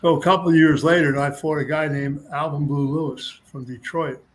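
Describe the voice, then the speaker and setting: Older guy spinning old fight stories, does everyone's voices, slightly high-ish voice, bit of hiss behind. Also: moderate pace, low-quality recording. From United States. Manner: animated raconteur, acts out other people's lines in raised voices, laughs often. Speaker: interview guest, former boxer and actor. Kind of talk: storytelling in casual interview.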